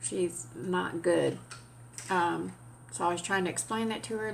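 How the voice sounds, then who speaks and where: A woman vlogger telling a story in an animated, chatty way, with casual swearing. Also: lowish voice, measured pace, vocal fry, slight background noise.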